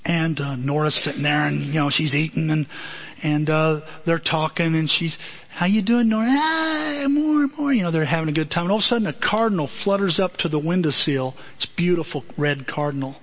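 A male pastor preaches with a high, lively voice and tells stories with animation, slipping into the voices of the people in them. The recording is slightly muffled. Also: brisk. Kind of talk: sermon.

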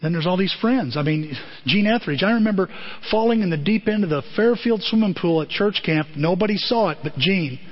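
A man giving a lively motivational talk to a group, calling on listeners by name. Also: high-pitched, fairly quick, lo-fi sound. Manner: animated, addresses listeners by name.

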